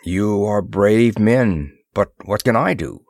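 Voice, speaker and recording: A man voicing a solemn alien chief of an underground people who speaks slowly and formally. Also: fairly low pitch, darkish tone, no room sound, clean studio sound. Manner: slow, grave, formal speech.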